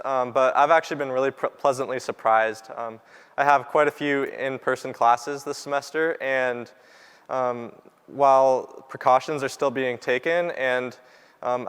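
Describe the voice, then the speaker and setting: Young man with a smooth voice, echoey lab. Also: mid-range voice, a bit bright. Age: 20s. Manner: polite, with many ums. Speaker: civil engineering student. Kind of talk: answering on a panel.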